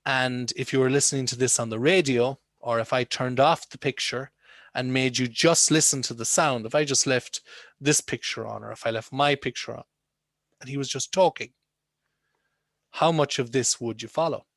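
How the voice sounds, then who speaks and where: A man's voice: medium pitch, steady tone, normal speed, fairly bright tone, no echo. Guy teaching english on a zoom call, chatty, keeps asking questions, dry sound. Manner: conversational, questioning students. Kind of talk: online lesson. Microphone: video call.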